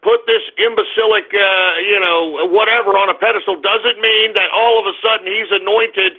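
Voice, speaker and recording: A man's voice: high voice, fairly even intonation, moderate pace. A male radio talk show host delivering a combative, crude, ranting monologue. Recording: tinny phone-like radio sound.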